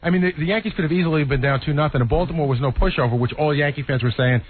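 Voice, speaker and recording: A man on a radio show arguing about sports in a casual, pushy way. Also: fairly high pitch. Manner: argumentative, rushing to make his point. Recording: tinny phone-like broadcast.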